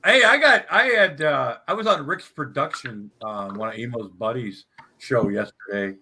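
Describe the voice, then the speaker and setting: A man's voice: mid-range voice, moderate pace, husky. A man telling crude stories in casual chat, laughing and swearing as he talks. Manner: laughing, swearing, animated storytelling.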